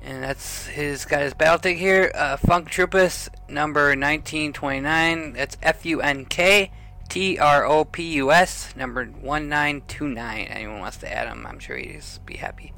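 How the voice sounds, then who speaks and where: A slightly high, gravelly man with a tense, bright edge, chatting on a gaming podcast. He reads listener mail and keeps the talk moving briskly. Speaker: podcast co-host. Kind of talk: casual gaming podcast chat, reading listener email.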